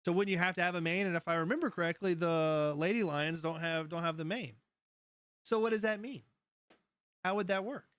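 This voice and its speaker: A man's voice: sits high, brisk, fairly bright tone, smooth, no room sound. A man hosting a casual live stream, rambling through stories, laughing often as he goes and answering his chat. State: high. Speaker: livestream host.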